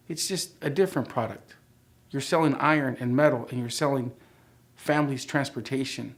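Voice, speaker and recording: A man's voice: medium pitch, normal speed, creaky. Reflective man in his forties telling stories. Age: 40s. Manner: acts out quoted dialogue with lively shifts, conversational and reflective. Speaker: interviewee sharing his life story. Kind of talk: relaxed storytelling interview.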